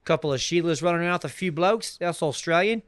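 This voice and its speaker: A man co-hosting a casual movie podcast, tossing in quick jokes. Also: on the high side, fairly bright tone, smooth, no echo. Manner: joking, quick quips. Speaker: podcast co-host. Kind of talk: casual film podcast chat.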